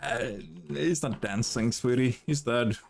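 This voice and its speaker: A man's voice: medium pitch, a little slow, vocal fry. A young man casually commenting on a video game as he plays, swearing freely and chattering playfully to his chat and the characters on screen. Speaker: streamer.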